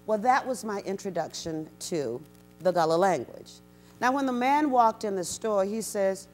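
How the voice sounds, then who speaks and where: A woman storyteller giving an animated talk to a university audience, acting out the people she quotes. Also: unhurried, soft background music. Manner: animated, acts out quotes with big pitch jumps. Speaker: storyteller and guest speaker. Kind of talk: storytelling lecture. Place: university event, in front of an audience.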